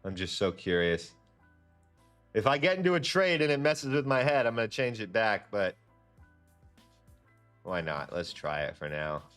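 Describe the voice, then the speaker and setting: A young man hosting a live trading stream, chatting casually and ranting in a slangy, profane, animated way. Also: moderate pace, pauses often, clear, resonant tone, faint music behind. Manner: animated, slangy and profane, with lively jumps in pitch. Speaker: livestream trading host. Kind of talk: casual livestream chat and rant.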